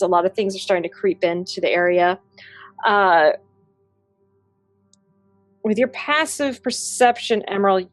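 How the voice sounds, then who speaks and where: A woman running a tabletop game as game master, narrating in a relaxed, chatty way and laughing often. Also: mid-range voice, dry recording.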